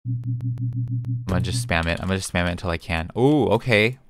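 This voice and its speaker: A young man chatting casually as he builds a house in a game, excitable, with sudden gasps and squeals. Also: sits low, moderate pace, faint music behind. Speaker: game building video creator. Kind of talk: casual gameplay commentary.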